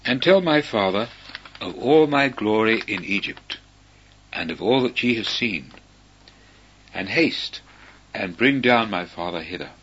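A man reading scripture, voicing Joseph as an earnest, forgiving grown man who slows on key words. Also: on the low side, animated, fairly bright tone, a little hiss or hum. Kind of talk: slow measured scripture reading. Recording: dull lo-fi recording.

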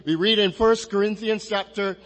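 A man with a notably high voice preaches in a measured, emphatic way, stretching out key phrases as he works through scripture. His words ring out into a long, echoing hall. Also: steady tone, a bit bright. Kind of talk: expository sermon.

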